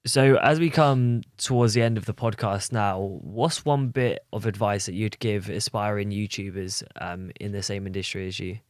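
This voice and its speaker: A man hosting a casual podcast, tossing in brief, laid-back replies and questions. His voice sits on the low side, and the sound is dry and close. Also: normal speed, few pauses, no room sound. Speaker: podcast host.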